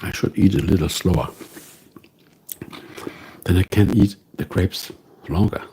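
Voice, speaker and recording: A man with a German accent hosting a casual live stream from home, musing slowly and greeting viewers by name. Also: deep voice, warm tone, a little hiss or hum. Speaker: livestream host.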